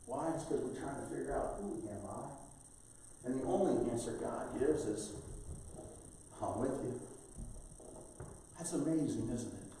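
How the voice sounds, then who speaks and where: A man's voice: mid-range voice, warm tone, slight background noise. A middle-aged man preaching a sermon as pastor, talking with the congregation in a conversational, storytelling way. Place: church sanctuary. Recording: roomy church hall, from far off.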